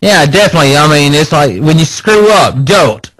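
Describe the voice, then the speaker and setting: A chatty male co-host with a slightly high voice. He jokes loosely and rambles through his points. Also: animated, a little fast, fairly bright tone, low-quality recording. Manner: chatty, jokey. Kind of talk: casual talk radio banter.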